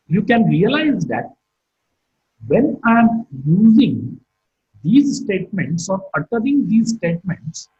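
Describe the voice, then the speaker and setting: Man, phonetics lecturer, high voice, raspy tone, slow teaching delivery, middle-aged. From India. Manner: slow, deliberate teaching delivery with drawn-out demonstration sentences. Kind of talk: recorded online lecture. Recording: dull lo-fi lecture recording.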